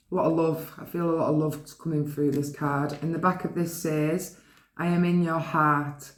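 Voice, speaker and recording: Gentle woman giving a card reading. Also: deep voice, reverberant. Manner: gentle, affectionate, reads card messages aloud. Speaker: tarot card reader. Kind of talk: soothing pick-a-card reading.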